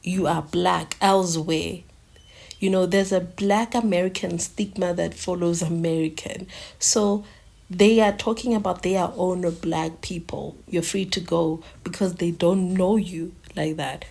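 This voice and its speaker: Low, gravelly woman commentating. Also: fairly even intonation. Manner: soft-spoken, halting, with many fillers. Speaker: host. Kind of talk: reaction commentary.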